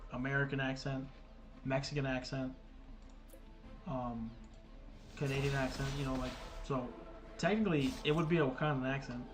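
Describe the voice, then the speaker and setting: A man streaming a video game, thinking out loud and swearing casually as he plays. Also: mid-range voice. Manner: casual, profane, thinks aloud. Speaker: gaming streamer. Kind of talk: casual livestream commentary.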